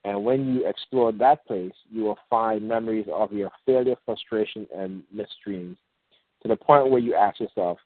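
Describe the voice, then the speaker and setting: Guy with a lowish voice hosting a call-in show over a thin phone line, rambly, lots of uh and you know. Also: dry recording. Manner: rambling, halting explanation with many fillers and restarts; reads example passages aloud in a slow, measured way. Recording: tinny phone line, dry.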